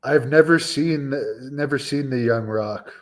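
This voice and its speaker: A man's voice: mid-range voice, unhurried. Chatty man in his forties, rambling. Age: 40s. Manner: rambling, chatty, with frequent fillers and restarts. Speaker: wrestling show host. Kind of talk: casual live-stream chat answering viewers.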